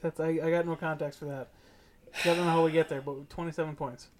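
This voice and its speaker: Man, somewhat high voice, sports podcast co-host, blunt, teasing, emphatic. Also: fairly even intonation, quick pace. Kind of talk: casual sports chat.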